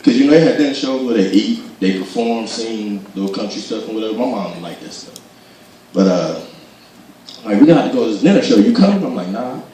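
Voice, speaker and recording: Man, stand-up comedian, lively swooping voice, roomy hall sound. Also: lowish voice, brisk, a little hiss or hum. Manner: animated, acts out voices, laughs while telling. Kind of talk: stand-up storytelling. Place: gospel comedy show venue. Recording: echoey hall from far off.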